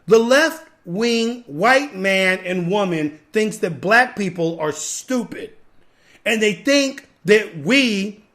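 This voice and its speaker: High-voiced man ranting emphatically. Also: fairly bright tone. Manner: emphatic, repetitive, preachy. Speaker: podcast host. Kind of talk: ranting commentary.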